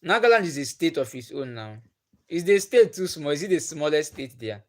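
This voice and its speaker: A man's voice: a little high, big pitch swings, normal speed. A young man from Nigeria with a Nigerian accent, whose first language is Igbo, chatting casually with viewers on his livestream and repeating himself often. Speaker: livestream host.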